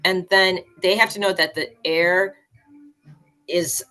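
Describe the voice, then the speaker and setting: A woman in her fifties, a band director, explaining her teaching methods in an energetic, emphatic way as a podcast guest. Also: lowish voice, slow, soft background music. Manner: energetic, emphatic, acts out student voices.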